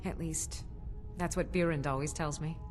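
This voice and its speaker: A woman's voice: low voice, steady tone, moderate pace, a little mellow, faint music behind, close to an everyday voice. A woman voicing a friendly female shopkeeper in a fantasy video game, greeting customers with welcoming sales patter.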